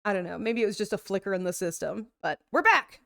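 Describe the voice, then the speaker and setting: A woman's voice: mid-range voice, expressive, fast, gravelly, a bit bright, dry recording, studio quality. An American woman streaming a game live, reading its text aloud with dramatic emphasis and chatting casually with her viewers, with the odd swear word thrown in. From United States.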